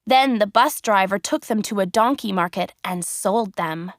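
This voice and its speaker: A woman reading a children's storybook aloud, clear and expressive. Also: medium pitch, moderate pace, dry recording, studio quality. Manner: clear, expressive, carefully paced. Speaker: storybook narrator. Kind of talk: slow storybook reading for learners.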